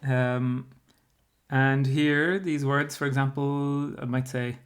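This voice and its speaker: A man's voice: medium pitch, fairly even intonation, takes it slowly. A primary school teacher talks a class through a spelling workbook. He explains patiently and steadily, dropping in fillers as he thinks. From Ireland.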